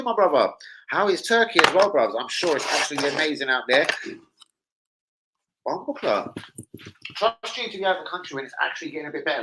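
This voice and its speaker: A man chatting casually on a football live stream, swearing freely and breaking into loud, excited shouts. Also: on the high side, low-quality recording.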